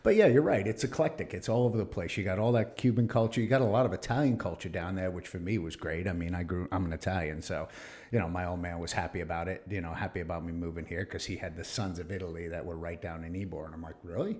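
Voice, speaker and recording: Middle-aged american guy on a podcast, kinda low voice, tells stories and acts out what people said. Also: quick pace. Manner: animated storyteller, acts out quoted voices, laughs often. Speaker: podcast guest. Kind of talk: casual storytelling chat.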